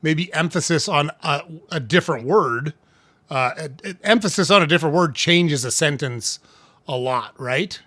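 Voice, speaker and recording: Guy explaining stuff casually, keeps saying right?, kinda high voice, dry close mic. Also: lively intonation, moderate pace, pushed and bright, no echo. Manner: conversational, often asks "right?"; clears throat now and then. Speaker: host. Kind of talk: casual tips talk to camera.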